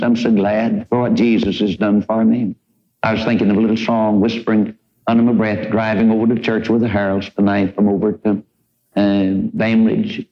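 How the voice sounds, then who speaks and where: Folksy preacher, dull old tape. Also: male voice, mid-range voice, darkish tone. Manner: folksy, emphatic preaching with repeated phrases. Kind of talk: sermon.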